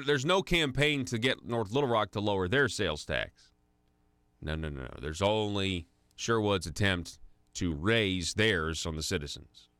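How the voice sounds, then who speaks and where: A man's voice: on the low side, a bit bright, clear, resonant tone, no echo. A man hosting a conservative talk radio show, delivering an indignant, sarcastic monologue full of restarts into a studio microphone. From United States.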